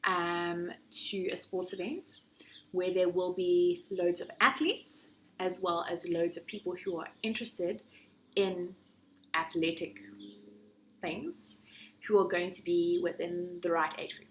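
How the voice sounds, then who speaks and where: A young woman who runs a marketing agency, giving a lively business presentation and acting out sales pitches. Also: measured pace, slight background noise.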